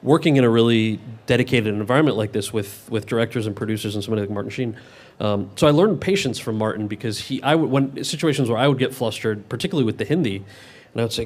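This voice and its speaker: A man's voice: mid-range voice, fast talker, darkish tone. A male actor answering audience questions at a public Q&A, candid and often restarting his sentences. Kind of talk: public Q&A conversation. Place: event with live audience.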